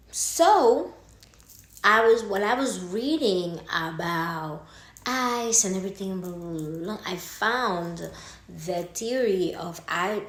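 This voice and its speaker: Woman w spanish as first language, low-ish voice, rambly animated storytelling, swears a lot, echoey room. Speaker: vlogger telling a story. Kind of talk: casual storytelling.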